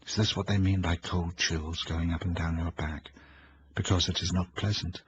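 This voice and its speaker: A nervous, frightened young woman in a spoken storybook, voiced by a man. Her voice stays low and tense, the fear pressing through each line. The recording sounds dull and lo-fi. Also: fairly even intonation, normal speed, husky. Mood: uneasy. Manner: tense, fearful inner voice. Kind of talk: audiobook reading.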